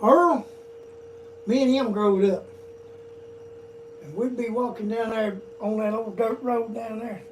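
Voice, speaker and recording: A man's voice: sits high, steady tone, a little slow, long pauses. Older man, profane rambling yarns. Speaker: storyteller guest. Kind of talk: casual storytelling. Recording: distant mic, noisy room.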